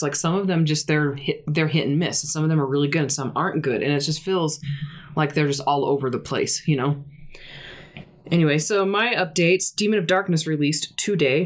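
A woman's voice: deep voice, a little fast. A woman in her thirties co-hosting a writing podcast in casual chat, talkative and laughing often. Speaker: podcast co-host.

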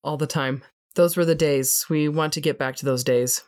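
Woman cohosting a podcast, low voice, chatty, laughs a lot. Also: steady tone, moderate pace, darkish tone. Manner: chatty, laughs often, self-deprecating. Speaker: podcast co-host. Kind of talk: casual podcast chat and book reading.

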